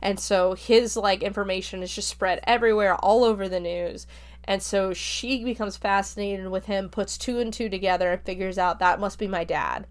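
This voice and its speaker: A woman's voice: mid-range voice, moderate pace, clear, resonant tone. A woman hosting a podcast, casually summarizing a book's plot in a loose, chatty way full of fillers. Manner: chatty, filler-heavy retelling. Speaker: podcast host reviewing a book.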